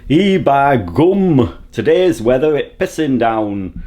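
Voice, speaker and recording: A man's voice: mid-range voice, big pitch swings, takes it slowly, dark tone. A man voicing a home voice assistant with a broad put-on Yorkshire accent, drawing out a folksy warning.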